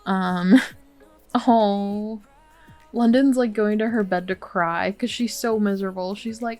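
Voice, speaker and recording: A woman's voice: medium pitch, fairly even intonation, takes it slowly, darkish tone, faint music behind. A woman hosting a game let's play, commenting casually and sympathetically, with many fillers.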